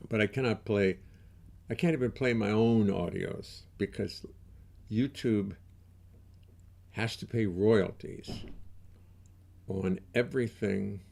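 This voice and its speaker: A man's voice: lowish voice, fairly even intonation, slow pace, gravelly, long pauses, a little mellow. An older man hosting a casual livestream from his home studio, chatting in a wry, self-mocking way through a desk mic. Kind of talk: casual rambling livestream chat.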